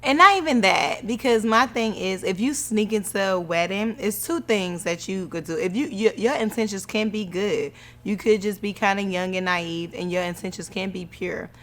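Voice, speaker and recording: A woman's voice: medium pitch, moderate pace, few pauses. Chatty woman telling wedding stories. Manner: animated storytelling, laughing often. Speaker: podcast co-host, newlywed bride. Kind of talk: casual chat.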